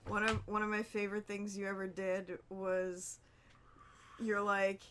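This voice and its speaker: A woman's voice: mid-range voice, monotone, measured pace, crowd noise. A sober woman co-hosting a podcast, mostly giving short reactions and laughing. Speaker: podcast co-host. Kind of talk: casual chat.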